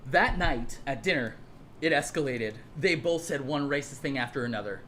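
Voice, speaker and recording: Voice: mid-range voice, expressive, moderate pace, a bit bright, a little hiss or hum. A speaker telling a personal story in a casual monologue, heated and profane, rambling with frequent repeats and restarts.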